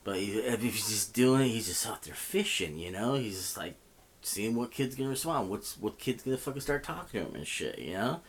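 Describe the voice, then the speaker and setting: A man's voice: lowish voice, lively intonation, fairly quick, breathy edge. A man telling a story in a casual, rambling way, swearing often and filling gaps with "you know.". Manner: profane, rambling, heavy with fillers. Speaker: vlogger.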